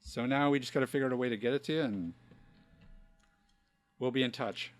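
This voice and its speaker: A man's voice: medium pitch, fairly quick. A man hosting a podcast, chatting casually with many "you know" fillers. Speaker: podcast host. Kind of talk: casual chat.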